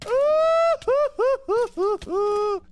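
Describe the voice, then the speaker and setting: A young man giving let's play commentary, excitable, yelling and swearing at enemies as he plays. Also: very high voice, drawn-out words. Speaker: gaming channel host.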